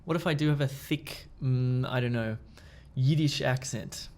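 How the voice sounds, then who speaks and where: Gravelly man musing casually. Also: medium pitch, a little slow, a little hiss or hum. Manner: relaxed, hesitant with many fillers and restarts. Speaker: podcast co-host. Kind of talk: casual discussion.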